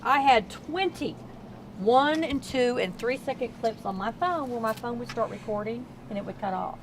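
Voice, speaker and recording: A woman's voice: fairly high pitch, moderate pace, slight background noise, rough recording. Folksy Texan woman guiding a ghost tour. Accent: Southern US (Texas). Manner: chatty, folksy, projects to a crowd. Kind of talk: storytelling tour talk to a crowd. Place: outdoors on a town street tour at night. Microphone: camera held by a tour member.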